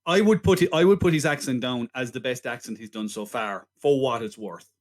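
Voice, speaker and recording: A man's voice: mid-range voice, fairly quick. A man co-hosting a casual film podcast, interjecting and teasing his co-host. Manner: laughs along, interjects, teasing. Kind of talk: casual film review chat.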